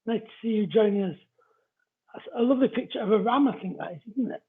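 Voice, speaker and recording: A high, husky man hosts a live-stream card reading, breaking off to greet viewers by name. His voice comes through thin and narrow, as if over a phone line. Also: fast talker. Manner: chatty, greets viewers between explanations. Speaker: psychic card reader.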